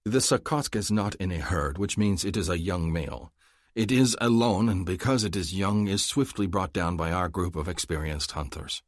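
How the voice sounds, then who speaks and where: A man narrating a romance audiobook in the first person, measured and earnest. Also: sits low, dry recording, studio quality.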